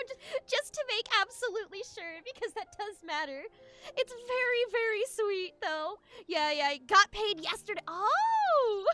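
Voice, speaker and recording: A woman's voice: extremely high pitch, bright, forceful tone. A young woman streaming a game, chatting casually with her viewers and giggling often as she gushes her thanks.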